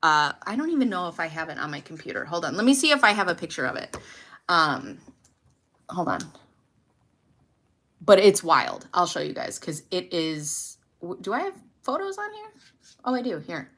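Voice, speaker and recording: Bright-voiced woman telling a blunt story. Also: lowish voice, moderate pace, long pauses. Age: 30s. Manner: blunt, swears freely, animated retelling. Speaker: podcast host. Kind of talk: casual storytelling to a live audience.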